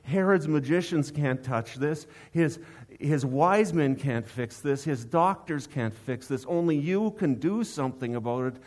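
A man's voice: a little high, lively intonation, a little slow, hardly any pauses, a little mellow. A preacher acting out a desperate pleading father. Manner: begging, urgent. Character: desperate father pleading for his sick son.

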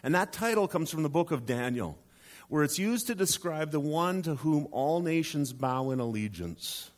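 Male pastor preaching with dramatic hushes. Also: on the high side, animated, normal speed. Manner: dramatic, drops to a hush for emphasis. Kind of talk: sermon.

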